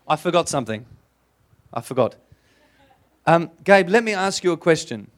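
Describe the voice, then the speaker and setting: An Australian man delivers a sermon in church, his voice sitting high for a man. He preaches in an animated, playful way and keeps drawing the congregation in with questions. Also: normal speed. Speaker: pastor.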